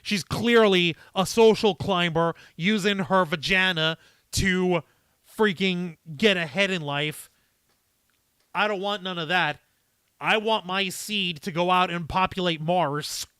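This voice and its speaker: A man's voice: high-pitched, slow, bright, forceful tone, clear, resonant tone, no echo, studio quality, full character voice. A man doing a blunt, crude billionaire impression. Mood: dismissive.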